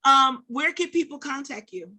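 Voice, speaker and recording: High, lively woman hosting a chat. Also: normal speed. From northern United States. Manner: laughing, playful banter. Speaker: show host. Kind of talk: casual chat.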